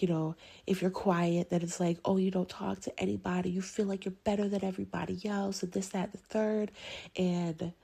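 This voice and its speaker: A young woman talks casually from her bed while she is sick, her voice husky and gravelly. Her tone is dark and mellow, and she rambles along, now and then sinking to a whisper. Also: fairly low pitch. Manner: chatty and meandering, drops into whispers. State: sick, rough voice. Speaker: vlogger. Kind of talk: casual talk to camera. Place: bedroom, lying in bed.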